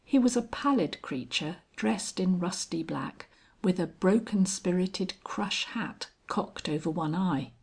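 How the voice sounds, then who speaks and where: Woman, audiobook narrator, husky voice, lowish pitch, steady measured reading. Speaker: audiobook reader. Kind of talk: scripted narration.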